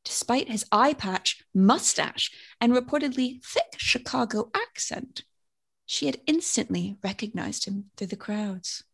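Woman storytelling on a podcast, wry asides, bit of vocal fry, lots of up and down. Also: a little high, lively intonation, a little slow, fairly bright tone. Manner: wry, dry jokes, reads out the story details. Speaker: podcast co-host telling a story. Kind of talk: casual chat with storytelling narration.

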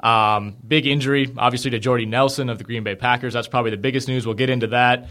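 A man's voice: mid-range voice, steady tone, fairly bright tone. A young man hosting a podcast in casual chat, chatty and laughing as he tells stories. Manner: fast-talking, chatty, laughs while telling stories. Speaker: podcast host.

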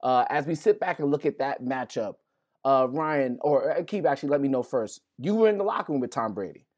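A man hosts a sports podcast and puts questions to his guests. He stumbles and restarts as he sets each one up. His voice sits at a middle pitch. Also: lively intonation, fairly quick, a little mellow. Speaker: podcast host. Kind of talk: interview questions.

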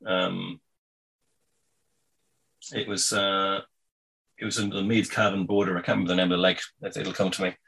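A man telling a casual anecdote in a meandering, halting way, full of ums and restarts. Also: low voice, flat delivery, creaky, a bit bright, slight background noise, low-quality recording. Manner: meandering, halting, many fillers. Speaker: storyteller.

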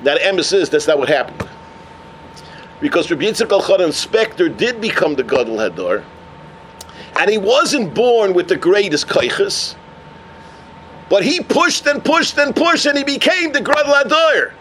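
A man teaches through stories in an animated sermon, weaving Hebrew and Yiddish terms into his English. His voice sits very high and sounds bright and forceful. Faint noise lies under the recording. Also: moderate pace. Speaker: Torah teacher. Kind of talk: sermon storytelling.

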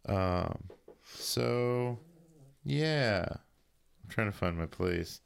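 Gravelly low-voiced man joking around. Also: animated, very slow. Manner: crude jokey banter. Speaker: podcast co-host recapping a movie. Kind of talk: casual chat.

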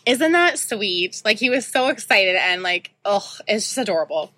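A woman's voice: mid-range voice, very animated, moderate pace, noisy background. A woman in her thirties hosting a podcast, telling a personal story in a candid, chatty way with lots of ums and likes. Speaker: podcast host.

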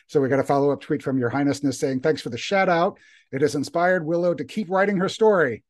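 A man co-hosting a podcast, reading listener emails aloud in a relaxed, easygoing way. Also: fairly high pitch, fast talker. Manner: easygoing, reads emails aloud with light laughs. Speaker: podcast co-host.

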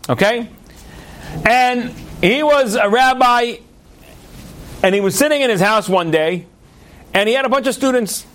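A man's voice: very high voice, a little slow, pauses often. A man telling stories to an audience, acting out the characters' lines. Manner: animated storyteller, acts out characters' lines. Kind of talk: storytelling talk to an audience.

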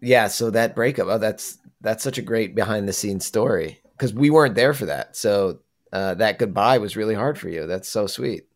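Low-voiced man, easygoing podcast co-host. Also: moderate pace. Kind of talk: casual podcast chat.

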